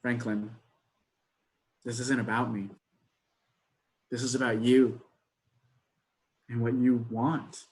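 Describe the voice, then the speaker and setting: A man's voice: medium pitch, flat delivery, takes it slowly, pauses often, a little mellow. Man improviser, mid-range voice, dry understated delivery, video call. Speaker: improv performer. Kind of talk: online improv scene work and chat.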